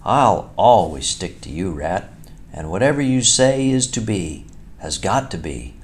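A man voicing a loyal, eager little male mole in a storybook reading, with a gentle, wistful manner. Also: low-pitched, very animated, a little slow, a little hiss or hum, heavily acted. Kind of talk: storybook character voice.

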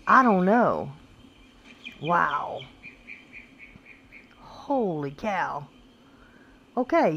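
A woman giving casual commentary while playing a video game, exclaiming and talking to her in-game animals. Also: mid-range voice. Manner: excitable, exclaims a lot, talks to her pets in the game. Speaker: gameplay video creator. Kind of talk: casual let's-play commentary. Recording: faint background noise.

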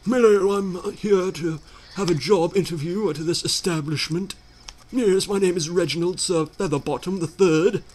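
A man voicing a pompous, overdressed upper-class gentleman with a posh, haughty manner. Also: high-pitched, normal speed, voice pushed up.

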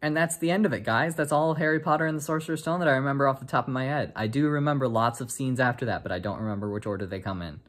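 A man's voice: mid-range voice, rapid-fire, hardly any pauses, fairly bright tone. A man casually retelling a film from memory in a jokey, self-correcting way. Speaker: vlogger.

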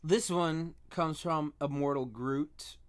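A man's voice: fairly high pitch, slow pace, a crowd in the background. A man co-hosting a casual podcast chat, talking loosely and laughing often. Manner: chatty, laughs often, slips into goofy voices. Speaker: podcast co-host.

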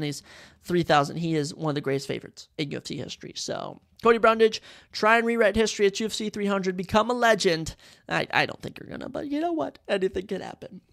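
A man's voice: high-pitched, creaky. Hyped young man breaking down fights. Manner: hyped, repeats lines for emphasis. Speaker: podcast host. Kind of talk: excited sports podcast breakdown.

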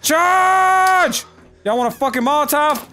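A man giving profane, excitable let's play commentary, yelling at enemies as he plays. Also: high voice, moderate pace, faint music behind. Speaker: gaming video host.

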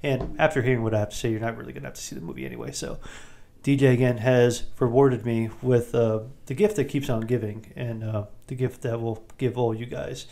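A man hosting a podcast, giving a rambling, jokey recap of a movie with quick asides. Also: mid-range voice, vocal fry, dark tone. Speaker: podcast host.

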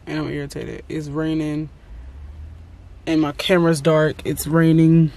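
A lash technician who vlogs talks about her day in a casual selfie video, phone at arm's length. Her voice is low, mellow, and flat, unhurried, yet she's chatty and rambling and often exasperated.

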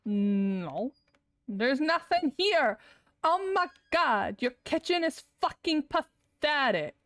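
A woman's voice: sits high, big pitch swings, takes it slowly, fairly bright tone, no room sound. A woman streaming a game live, ranting and swearing in exasperation, with lots of laughter. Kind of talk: live gameplay commentary.

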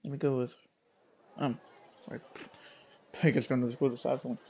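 A man's voice: mid-range voice, level tone, moderate pace, a little mellow, slight background noise. A young man casually playing through a visual novel, reading it aloud with offhand, laughing remarks. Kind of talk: casual let's-play commentary.

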